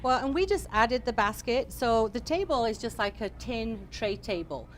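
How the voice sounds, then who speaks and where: A woman's voice: fairly high pitch, expressive, moderate pace, slight background noise. A woman leading a home decor class in an upbeat, chatty way, with many fillers. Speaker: interior design instructor.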